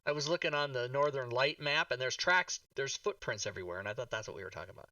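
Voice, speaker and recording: A man's voice: mid-range voice, animated, quick pace, sharp tone, no echo, distant mic. A man playing a tabletop game, chatting casually, joking and sometimes confused. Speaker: player.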